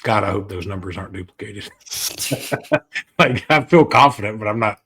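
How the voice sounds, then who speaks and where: A man's voice: fairly low pitch, moderate pace, a bit bright, a little hiss or hum. A man co-hosting a sports podcast, talking casually and joking as he breaks down a game. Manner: chatty, joking, with restarts. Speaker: podcast co-host.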